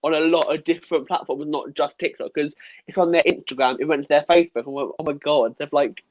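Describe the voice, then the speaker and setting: A man, a guest entertainer on a podcast, teasing and animated as he tells stories. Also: on the high side, fast. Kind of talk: casual podcast chat. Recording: slightly muffled lo-fi sound.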